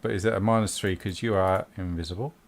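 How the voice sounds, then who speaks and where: Low-voiced man running a game. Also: fairly even intonation, quick pace. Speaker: game master.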